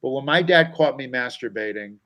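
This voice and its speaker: A middle-aged comedian, a guest on a talk show, tells a personal story with a medium-pitched voice at a fairly quick pace. He's an animated storyteller who acts out the voices of the people involved. The recording quality is low.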